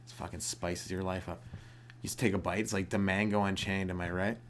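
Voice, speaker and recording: A man's voice: low voice, flat delivery, fairly quick, a bit bright, a little hiss or hum. Rambling, jokey male podcast host. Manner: rambling, jokey, acts out little voices. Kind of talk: solo comedic riffing.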